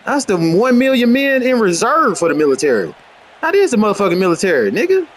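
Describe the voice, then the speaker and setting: Male streamer, brash trash-talker, high and very lively voice, faint background noise. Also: fast. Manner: brash, boastful, trash-talking, swings between mutters and high outbursts. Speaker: gamer streaming gameplay. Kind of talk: profane rambling commentary over gameplay.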